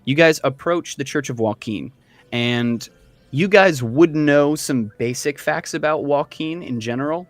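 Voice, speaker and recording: A man running a tabletop game as dungeon master, narrating in a relaxed, conversational way. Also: on the high side, a little slow, no echo.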